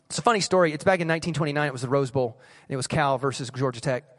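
A man's voice: medium pitch, racing, fairly bright tone, in a large hall, soft background music. A man preaching a sermon as pastor, earnest and pleading, repeating phrases for emphasis. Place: church service.

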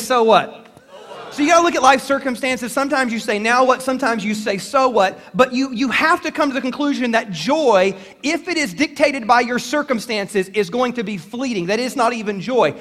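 A man pastor delivering an animated sermon, telling stories and leading call-and-response with the congregation. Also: extremely high pitch, in a large hall. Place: church sanctuary.

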